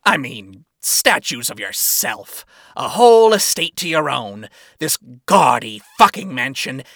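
A man's voice: mid-range voice, sing-song, a little slow, vocal fry, a bit bright, dry recording, clean studio sound, heavily acted. A man voicing a scornful male radio demon, disdainful and incredulous, in a fan fiction reading.

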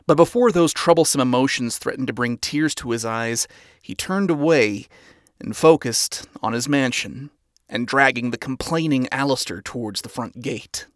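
A man reads a fan fiction story aloud in a steady, even narrating manner. His voice sits at a middle pitch. The recording is dry and close. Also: moderate pace, dry recording.

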